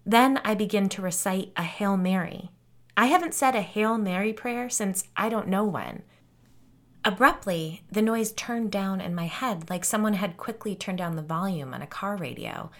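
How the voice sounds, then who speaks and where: Woman, first-person audiobook narration, expressive, soft low dips, mid-pitched. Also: moderate pace.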